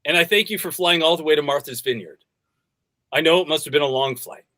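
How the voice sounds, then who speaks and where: A man voicing a calm, deliberate accent coach who speaks low and smooth. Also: dry recording, clean studio sound. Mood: soothing.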